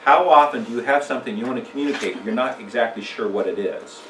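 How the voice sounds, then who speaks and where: In a church room, a man with a medium-pitched voice talks fast while teaching a casual communication seminar, asking the audience questions and cracking jokes. The recording is very noisy, captured by a distant mic in an echoey space.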